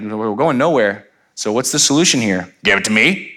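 A man's voice: mid-range voice, animated, brisk, sharp tone. A middle-aged man preaching a sermon as pastor, conversational and playful, acting out little quoted voices.

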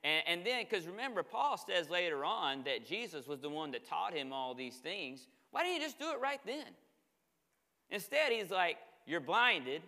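A man preaching a sermon as pastor, telling stories in an animated way and acting out the dialogue. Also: sits high, normal speed, big-room sound. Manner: animated storytelling, acts out dialogue. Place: church sanctuary.

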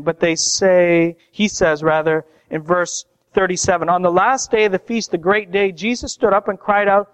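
A pastor delivers a sermon in a high, bright-sounding voice, talking it through casually and then pushing up for emphasis. The recording is muffled and lo-fi. He comes across as a plain, engaged preacher. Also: fairly even intonation, normal speed, hardly any pauses, clear, resonant tone. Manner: conversational preaching, rising loud for emphasis.

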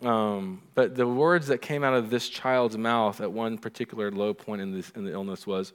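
A middle-aged man preaching a sermon as pastor, animated, acting out the lines he quotes. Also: on the low side, moderate pace, few pauses, smooth. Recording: long reverb of a hall.

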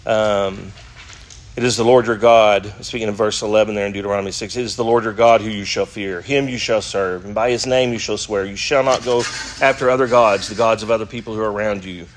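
A man's voice: on the low side, steady tone, a little fast, slight background noise. A middle-aged man teaching an adult Sunday school class, reading scripture passages aloud and asking his listeners rhetorical questions. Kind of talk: Bible class lecture.

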